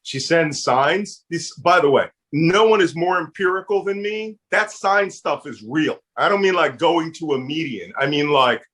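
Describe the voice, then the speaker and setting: A man's voice: fairly high pitch, animated, unhurried, few pauses, fairly bright tone. A middle-aged man with a Philadelphia accent, a guest telling personal stories in an earnest, heartfelt way with touches of humor. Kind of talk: casual interview storytelling.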